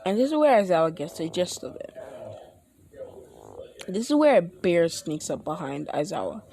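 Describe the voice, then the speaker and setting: A young man casually retelling a fan story, rambling with many halting restarts. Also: high voice, sing-song, mellow, a little hiss or hum.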